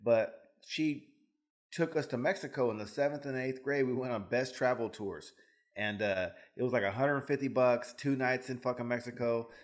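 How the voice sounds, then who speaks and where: A man's voice: mid-range voice, steady tone, moderate pace. A man from Fresno co-hosting a podcast, trading joking, profane banter and telling stories from his childhood. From Fresno, California. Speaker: podcast co-host. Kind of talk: casual chat.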